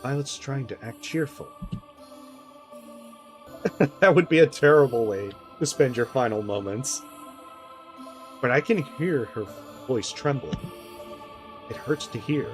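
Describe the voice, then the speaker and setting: A woman's voice: rumbling low, a little slow, long pauses. A woman streamer giving casual commentary while playing a story game, joking and acting out the characters in asides. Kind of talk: casual let's-play commentary. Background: game music.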